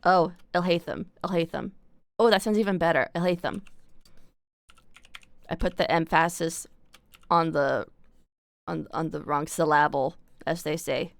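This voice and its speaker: Young woman streaming from home, rambling casual chat with a lowish voice and a close, dry mic. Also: normal speed, creaky, no room sound. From Canada. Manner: chatty, rambling, swears casually, frequent "like" and "bro".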